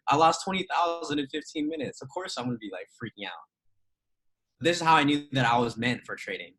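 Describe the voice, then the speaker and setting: A man's voice: a little high, very animated, a little fast, gravelly, fairly bright tone, low-quality recording. A man working as a trading educator, talking casually and emphatically, firing off rhetorical questions and laughing often. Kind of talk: casual motivational talk.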